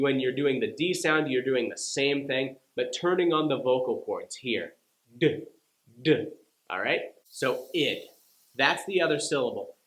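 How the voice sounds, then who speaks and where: A man teaching English pronunciation, speaking slowly and deliberately and carefully sounding out example words for learners. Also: mid-range voice, fairly bright tone. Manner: slow, deliberate, over-articulated demonstrations. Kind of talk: scripted lesson to camera. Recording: roomy echo.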